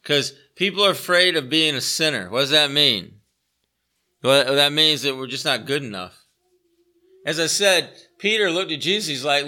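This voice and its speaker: A man's voice: on the high side, expressive, moderate pace, sharp tone. A man preaching a conversational sermon as a pastor, earnest, repeating phrases for emphasis and putting rhetorical questions to his listeners.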